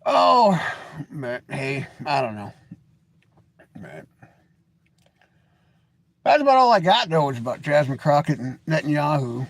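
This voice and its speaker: A man's voice: a little high, very animated, measured pace, vocal fry, long pauses, no room sound. A middle-aged man hosting a live stream, chatting loosely with folksy, opinionated ranting. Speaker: livestream host. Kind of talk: rambling live stream chat.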